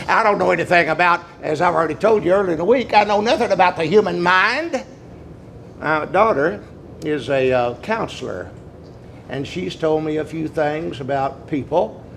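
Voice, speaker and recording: Older preacher, high folksy voice. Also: male voice, gravelly, a bit bright, slight background noise. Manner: folksy storytelling, drawn-out pauses with many uh fillers. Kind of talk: sermon.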